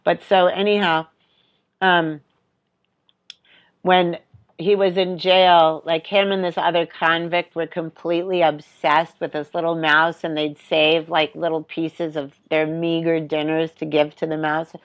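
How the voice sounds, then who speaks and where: A woman in her fifties, a podcast guest telling animated stories, acting out voices, swearing and laughing. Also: low voice, unhurried, muffled recording. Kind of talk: casual chat.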